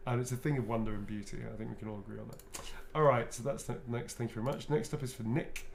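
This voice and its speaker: A middle-aged man chats in a loose, rambling way, laughing often as he signs. His voice sits at an ordinary pitch, and the room around him rings with a noticeable echo. A faint hum runs underneath. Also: fairly even intonation, fast talker, creaky. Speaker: actor guest signing autographs. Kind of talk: casual chat while signing.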